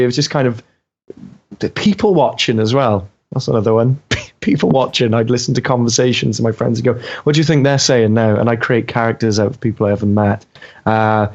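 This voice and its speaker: A young Welshman with a Welsh accent, chatting as a guest, hesitant and full of ums. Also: medium pitch. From Wales. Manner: hesitant, many ums and uhs. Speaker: guest voice actor. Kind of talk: casual interview chat. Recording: dull lo-fi audio.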